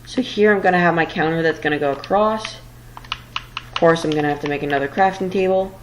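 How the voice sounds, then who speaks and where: Woman with a deep low voice, casual let's-play chatter, rambling and flustered, tired, faint background hiss and typing. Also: a little fast, low-quality recording. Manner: rambling, flustered, self-deprecating. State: tired late at night. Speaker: gameplay commentator.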